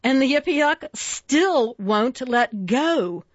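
A woman reading children's poems aloud in a playful, expressive sing-song way. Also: sits high, slow pace, dry recording, highs cut off. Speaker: reader.

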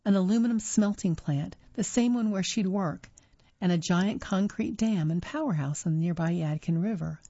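On a dull lo-fi recording, a woman reads magazine articles aloud in an unpolished way, correcting herself and pausing with fillers. Her voice is on the low side and mellow, and the recording is dry.

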